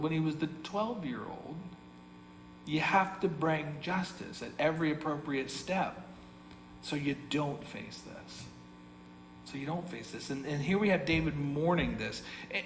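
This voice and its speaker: A man with an American accent preaching a sermon as pastor, in a conversational way that repeats key phrases, with the odd chuckle. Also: fairly high pitch. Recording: echoey hall with mains hum.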